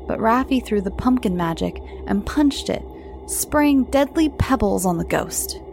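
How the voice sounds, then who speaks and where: A woman reads children's spooky stories aloud at an unhurried pace. Her fairly high voice rises and falls with the tale as she narrates. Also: creaky, slight background noise. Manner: slow, expressive storytelling.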